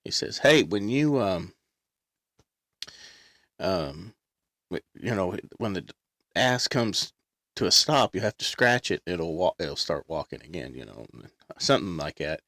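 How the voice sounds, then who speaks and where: A man's voice: low voice, sing-song, measured pace, creaky, pauses often, fairly bright tone, dry recording, clean studio sound. A man hosting a casual chat, rambling and losing his place as he retells an old joke.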